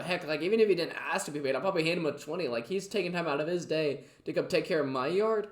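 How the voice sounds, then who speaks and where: A man's voice: on the high side, fast, hardly any pauses, reverberant. A man casually reacting to clips, chatty and full of fillers. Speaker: reaction video host.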